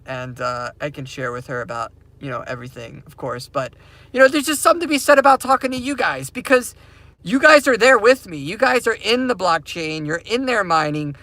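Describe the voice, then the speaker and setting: A man's voice: fairly high pitch, sharp tone, dry recording. A man hosting a crypto mining channel, ranting casually to his viewers from inside his parked car, repetitive and emphatic.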